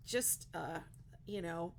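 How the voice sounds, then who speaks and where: A middle-aged woman from Pittsburgh, USA, with a Pittsburgh accent, speaks slowly in a fairly low voice with vocal fry, over a little hiss or hum. She hosts a casual crochet livestream, chatty and rambling, laughing at her own jokes.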